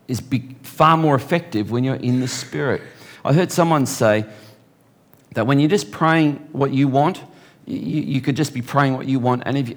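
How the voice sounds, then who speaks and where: A man preaching a sermon, reading scripture slowly and deliberately and slipping in joking asides. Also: mid-range voice.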